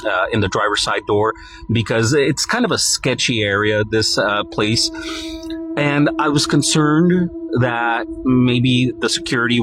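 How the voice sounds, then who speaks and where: A man earnestly retelling his own creepy experience in a halting, first-person storytime. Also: on the low side, background noise. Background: clear background music.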